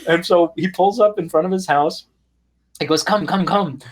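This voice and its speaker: A middle-aged man with a fairly high voice talks as an interview guest. He tells long anecdotes in a lively way and acts out the voices of the people in them. He sounds like he is on a video call. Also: moderate pace. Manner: animated anecdotes with quoted voices and laughs. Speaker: guest, music startup founder. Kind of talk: conversational storytelling.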